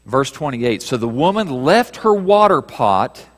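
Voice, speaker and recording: A man preaching a sermon, reading scripture aloud and moving between raised passages and hushed ones. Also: mid-range voice, very animated, unhurried. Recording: reverberant hall.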